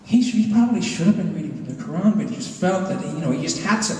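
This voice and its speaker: A man from London performing a live stand-up set in a rambling, halting way. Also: high voice, expressive, darkish tone. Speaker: stand-up comedian. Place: live comedy venue. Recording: echoey hall from far off.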